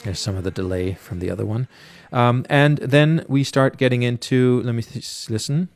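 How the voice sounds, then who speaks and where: Gravelly-voiced man explaining a mix. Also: medium pitch, normal speed. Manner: casual, hesitant, lots of fillers. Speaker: music producer. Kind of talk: studio mixing tutorial.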